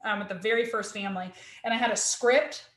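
Guest spot: earnest female academic, a bit high-voiced, roomy echo on the recording. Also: fairly even intonation, fairly quick, fairly bright tone. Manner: earnest, emotional, with many restarts. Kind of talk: candid personal storytelling.

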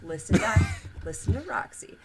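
A woman's voice: mid-range voice, big pitch swings, normal speed, background noise. A woman co-hosting a podcast in casual group chat, laughing often. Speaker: podcast co-host.

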